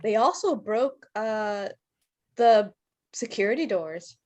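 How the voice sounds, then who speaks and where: A woman's voice: mid-range voice, expressive, takes it slowly, darkish tone, dull audio. A woman playing a tabletop game, dry and matter-of-fact. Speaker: player. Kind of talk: casual tabletop play.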